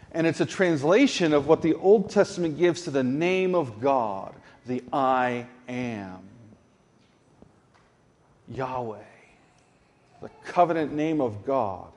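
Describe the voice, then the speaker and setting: Slow, deliberate male preacher in reverb. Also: on the high side, darkish tone. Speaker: pastor. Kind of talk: sermon.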